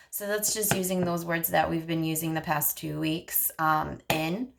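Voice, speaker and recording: A woman's voice: on the low side, a little slow, creaky, few pauses, background noise. A woman speech therapist coaching parents, patiently modeling short phrases in a sing-song voice. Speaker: speech-language pathologist.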